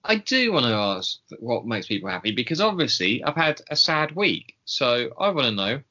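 A man's voice: mid-range voice, big pitch swings, normal speed, pushed and bright. A man co-hosting a casual podcast chat, rambling with lots of ums and small laughs. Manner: rambling, hesitant with many ums, chuckling. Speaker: podcast co-host. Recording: dull lo-fi recording.

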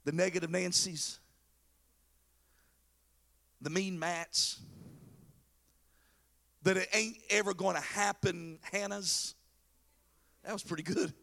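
High-voiced, gravelly pastor preaching animatedly. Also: male voice, slow pace, long pauses. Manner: animated storytelling, acting out biblical characters in casual slang. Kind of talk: sermon.

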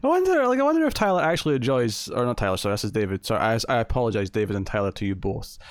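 A man's voice: mid-range voice, sing-song, racing, no room sound, studio quality. Teasing man bantering dryly. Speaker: podcast co-host. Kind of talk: casual chat.

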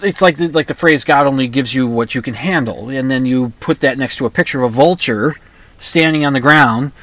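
A middle-aged man from the upper Midwest, hosting his own show in a rambling, halting monologue full of restarts. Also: medium pitch, a bit bright. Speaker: podcast host. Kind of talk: casual monologue.

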